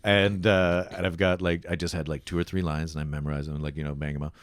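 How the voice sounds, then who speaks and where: A Canadian man, a comedian guest, telling lively anecdotes in casual podcast chat and acting out other people's lines. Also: low-pitched, fast, no room sound.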